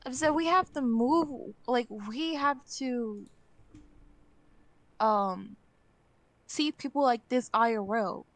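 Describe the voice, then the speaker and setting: A woman's voice: a little high, slow, long pauses, a bit bright, no echo. A woman chatting on a stream as a guest, speaking bluntly and emphatically, with an exasperated edge. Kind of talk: casual chat.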